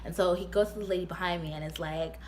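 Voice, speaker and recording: A young adult woman telling a storytime vlog, chatty and full of fillers, her voice jumping high when she quotes her own disbelief. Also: steady tone, fast, a little hiss or hum. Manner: chatty, filler-heavy, often laughing. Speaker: vlogger. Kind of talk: storytime retelling.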